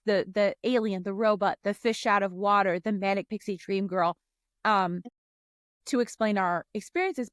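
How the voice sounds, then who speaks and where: A woman's voice: mid-range voice, no room sound, clean studio sound. A woman co-hosting a casual podcast chat, explaining her views in a thoughtful way with some restarts. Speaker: podcast co-host.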